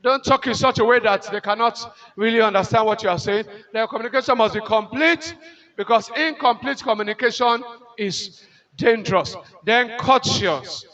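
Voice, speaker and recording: A Nigerian-accented man lectures in a very high, bright and forceful voice. He is emphatic, repeats his key lines slowly and keeps putting rhetorical questions to the audience. The sound is dull and lo-fi, like audio from an event video. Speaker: conference lecturer. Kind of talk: motivational lecture to nurses.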